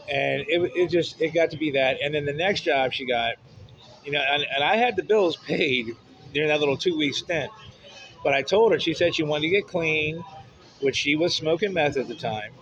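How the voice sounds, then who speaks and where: Vlogger man, fairly high voice, swears freely, emotional rambling vent, dull lo-fi sound. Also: a bit bright. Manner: profane, blunt, emotional. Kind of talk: rambling personal vent to camera.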